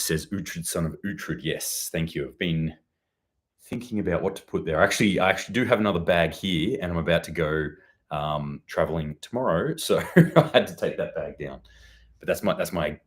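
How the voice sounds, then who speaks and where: A man's voice: sits low, normal speed, fairly bright tone. A young man hosting a preparedness news show in casual, rambling commentary, his voice a bit worn from a recent cold. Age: young adult. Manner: rambling, swears casually, self-deprecating asides. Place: chilly new home office.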